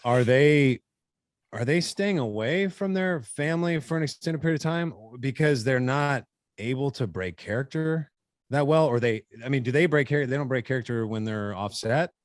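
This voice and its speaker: A man's voice: mid-range voice, moderate pace, no room sound. Man hosting a podcast, dry sound. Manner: loose, curious questions with casual swearing. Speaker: podcast host. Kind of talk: casual podcast chat.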